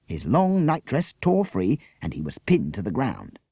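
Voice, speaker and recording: A male storyteller reading aloud, his low voice husky and gravelly. He swings his pitch widely as he narrates. The recording is dry and close. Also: unhurried, no echo. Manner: lively, expressive reading. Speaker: audiobook reader.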